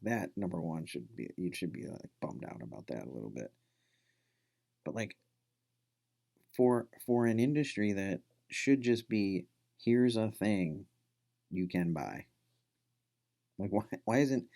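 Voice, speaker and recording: A man's voice: deep voice, creaky. A male instructor giving a casual recorded lecture, rambling with many fillers and restarts.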